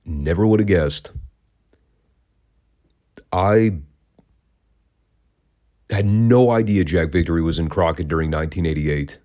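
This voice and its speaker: A man with a low, dark, mellow voice talks through old wrestling matches in a relaxed, conversational way. He keeps slipping in dry, sarcastic asides. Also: unhurried, long pauses. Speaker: wrestling podcast host. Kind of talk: casual review commentary.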